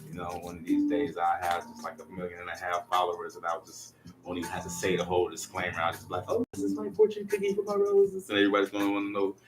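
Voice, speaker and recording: A man's voice: sits low, monotone, very fast. A man giving a casual tarot reading to camera, talking in a laid-back, slangy, rambling way. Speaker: tarot reader. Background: lo-fi music playlist.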